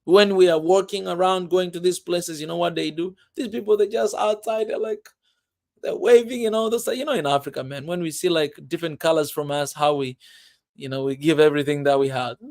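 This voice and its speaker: A man from Tanzania, talking to his viewers in a casual vlog, emphatic and full of "man" and laughter. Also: high voice. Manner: emphatic, keeps saying "man", laughs often. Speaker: vlogger.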